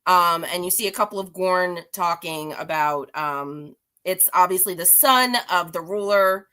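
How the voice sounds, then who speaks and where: A chatty woman recapping a comic book in a casual, rambling way, laughing at herself as she restarts her sentences. Her voice is bright and fairly low. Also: a little slow. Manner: chatty, rambling, self-deprecating. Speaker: guest reviewer.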